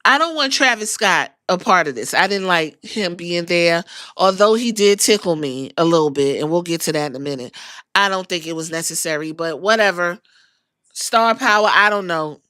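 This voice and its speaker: A woman hosting a podcast, retelling a wrestling show in an animated, profane, casual way. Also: on the low side, moderate pace, no room sound. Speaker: podcast host.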